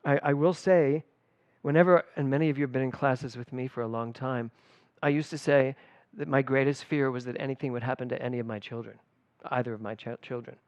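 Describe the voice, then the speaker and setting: A middle-aged man, a spiritual director, giving a conversational sermon at a church service, telling personal stories with lively emphasis. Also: mid-range voice, fairly quick, dry recording, dull audio. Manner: animated and personal, storytelling with emphatic swings.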